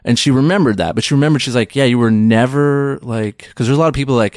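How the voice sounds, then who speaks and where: A man in his thirties talks as a comedian guest on a podcast, telling stories in an animated way and slipping into voices for the people he quotes. His voice is mid-pitched and recorded close and dry, with no room sound. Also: fast, dry recording. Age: 30s. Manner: animated storyteller who acts out quoted voices. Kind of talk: casual podcast interview.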